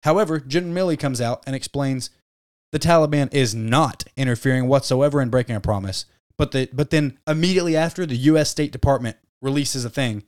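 A man's voice: medium pitch, brisk, darkish tone, no room sound, clean studio sound. Heated, swearing male podcast co-host. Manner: heated, swears a lot, ranting. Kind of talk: casual podcast chat.

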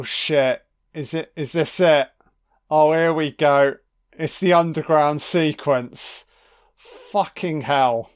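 A man giving a casual watch-along film commentary, full of excitable, profane reactions. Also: on the high side, clear, resonant tone.

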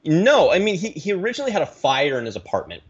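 A man in his thirties from the Pacific Northwest, a guest telling his story in a casual interview with lively swings of pitch. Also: quick pace, breathy edge, muffled recording. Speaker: guest, reef aquarium YouTuber.

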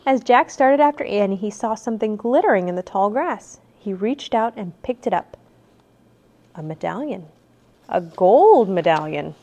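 A woman reads a children's adventure book aloud at home. Her pitch sits in the middle range. She gets animated, jumping higher and louder whenever the young characters speak. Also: moderate pace. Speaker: parent reading aloud.

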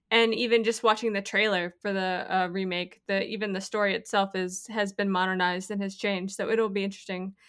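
A woman's voice: medium pitch, a bit bright. A woman co-hosting a podcast in casual chat, thoughtful and a little hesitant. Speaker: podcast co-host.

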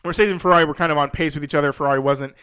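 Fast-talking young man, rambling commentary. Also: on the high side, smooth. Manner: rambling, with many restarts and "you know"; animated, rising in disbelief. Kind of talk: casual motorsport commentary.

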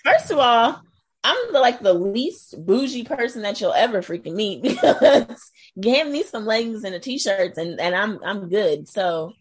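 A woman's voice: mid-range voice, lively intonation, unhurried, husky. A middle-aged woman from Iowa talking casually about her life, chatty and given to laughing, sometimes trailing off into doubt. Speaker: guest sharing her experience. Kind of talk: casual conversation.

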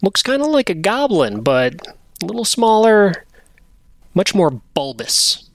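A man running a tabletop game as game master, narrating scenes in a relaxed conversational way. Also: sits high, unhurried, no room sound.

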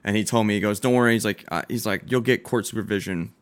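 A young man co-hosting a casual chat, telling a story with lively quoted dialogue, swearing and laughing as he goes. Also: on the low side, quick pace, smooth. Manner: animated, acts out quoted dialogue, swears freely, laughs often. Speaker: podcast co-host.

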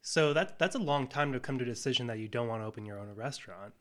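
A man's voice: medium pitch, fast talker, a bit bright. Man hosting a casual chat. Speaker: podcast host. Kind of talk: casual conversation.

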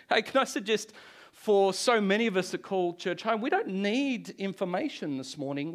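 A man's voice: sits high, animated, moderate pace. A man preaching a Good Friday sermon to a church congregation, telling stories with a joking touch and chuckling often. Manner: storytelling, jokey, chuckles often. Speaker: pastor.

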